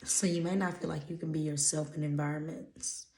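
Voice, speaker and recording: A deep, steady, darkish voice moves briskly through a reverberant space. It belongs to a woman from Louisiana with a Louisiana accent, an intuitive energy reader whose motivational channeled-message vlog is emphatic, preachy, and blunt, with casual swearing.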